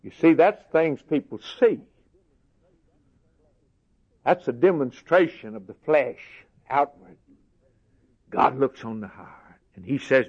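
A man preaching a sermon in earnest, plain folksy words, dropping to a hush and then rising for emphasis. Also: mid-range voice, slow, pauses often, slightly rough. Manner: earnest, swings from soft and hushed to raised emphasis. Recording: dull lo-fi sermon recording.

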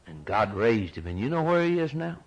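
A man preaching a sermon with dramatic delivery, swinging between loud outbursts and hushed tones and repeating phrases for emphasis. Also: medium pitch, sing-song, brisk, low-quality recording.

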